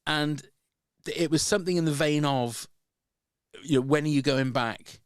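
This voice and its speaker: A man's voice: on the high side, normal speed, clear, resonant tone, no echo, studio quality. A man, hosting a podcast and telling a long, rambling story in casual chat, often restarting his sentences. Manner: rambling, with many restarts and repeated words. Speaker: podcast host.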